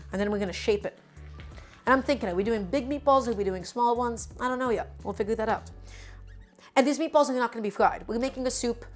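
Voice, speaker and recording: A woman with a New York accent, chatting and explaining as she cooks on a live stream and talking straight to her viewers. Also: medium pitch. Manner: chatty and explanatory, often calls viewers "my friends". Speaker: cooking streamer. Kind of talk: casual live cooking demonstration.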